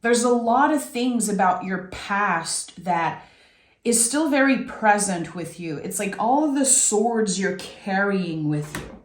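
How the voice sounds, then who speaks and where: Slow, reflective woman tarot reader. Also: mid-range voice, expressive. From Québec. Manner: reflective, meandering, gently encouraging. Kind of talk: intuitive tarot reading. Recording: echoey room.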